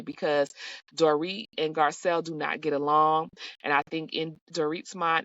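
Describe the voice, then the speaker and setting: A woman's voice: sits low, fairly bright tone, dry recording. Sassy, blunt woman recapping reality TV. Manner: sassy, blunt and profane, with slangy asides. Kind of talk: casual recap commentary. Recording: slightly dull, dry recording.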